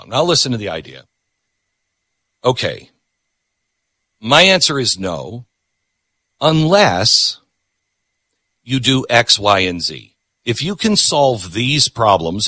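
A middle-aged male talk host delivers opinionated commentary in emphatic, repeated bursts. His voice is bright and his pitch swings widely. The sound is dry and close. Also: no echo. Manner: emphatic, repetitive, punchy.

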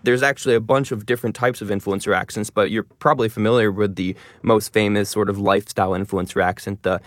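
A man talking fast and stressing many words, explaining as an interview guest. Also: on the low side, steady tone, dry recording, studio quality. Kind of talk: radio interview conversation.

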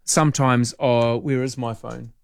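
Speaking at medium pitch, flat and measured, with a creaky yet clean tone, a man hosts a late-night talkback radio program. He's chatty and wry, rambles, and reads both listener messages and lyrics aloud. The studio microphone in the radio studio yields clean sound without echo.

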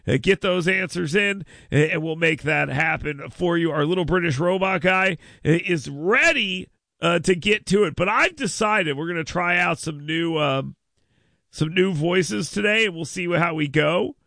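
Gravelly, bright-voiced man hosting radio. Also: fairly high pitch, moderate pace, no room sound, clean studio sound. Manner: rambling, repeats words, laughs often. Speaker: radio talk show host. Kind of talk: casual radio chat. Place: radio studio. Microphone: studio mic.

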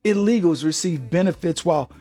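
A man's voice: on the high side, animated, brisk, mellow. A man hosting a radio talk show, giving an emphatic, sarcastic political monologue and laughing at his own jokes.

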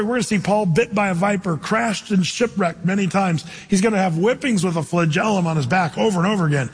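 A male pastor preaching a sermon in a lively, conversational way, with jokey asides. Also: high-pitched, breathy edge, long reverb tail.

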